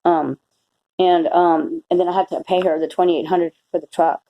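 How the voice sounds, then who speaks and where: A woman's voice: lowish voice, level tone, moderate pace, dull audio. A middle-aged woman vlogging a personal faith testimony, rambling and emotional with many restarts. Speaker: Christian vlogger.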